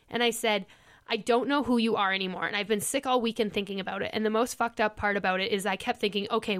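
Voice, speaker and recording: A woman's voice: medium pitch, a bit bright. A woman podcast host in casual chat, animatedly retelling a breakup and reading old text messages aloud.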